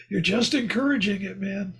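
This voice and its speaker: Guy with a super breathy high voice, slow and rambly, laughing a lot on a video call. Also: fairly bright tone. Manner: rambling, laughing while telling a story. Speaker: course participant. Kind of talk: casual group discussion.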